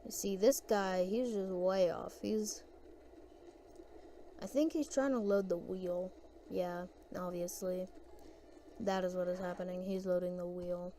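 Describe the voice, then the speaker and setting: A woman's voice: on the low side, steady tone, unhurried, pauses often, mellow, slight background noise. A woman giving casual gameplay commentary, rambling and hesitant as she thinks aloud.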